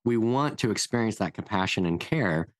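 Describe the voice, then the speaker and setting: A man therapist co-hosting a podcast, musing in a reflective, measured way with flashes of dry humor. His voice sits very low. The sound is dry and close. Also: animated, no echo. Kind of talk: casual conversational interview.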